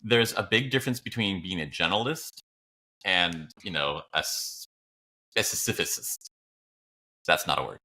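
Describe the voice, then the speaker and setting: A man with a low voice but a bright, forceful edge, co-hosting a podcast in relaxed conversation. His pitch swings widely as he acts out his own thoughts, with casual swearing and easy laughter. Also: moderate pace, pauses often. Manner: animated, jumps up in pitch when acting out his own thoughts. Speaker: podcast co-host.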